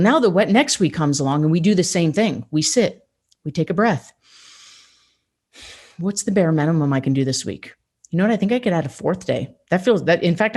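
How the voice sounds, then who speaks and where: A woman's voice: lowish voice, darkish tone. A woman hosting a motivational podcast, talking straight to the listener in an emphatic, upbeat coaching way. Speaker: podcast host.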